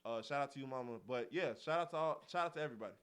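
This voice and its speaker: Fast-talking animated young man. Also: mid-range voice, clear, resonant tone. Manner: animated storytelling with acted-out quotes and frequent laughter. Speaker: podcast co-host. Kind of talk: casual chat.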